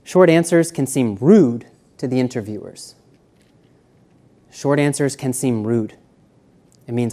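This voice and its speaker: A man giving a live seminar lecture, walking around and shifting between quiet, slow speech and loud emphasis. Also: mid-range voice. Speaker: seminar presenter. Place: university seminar room.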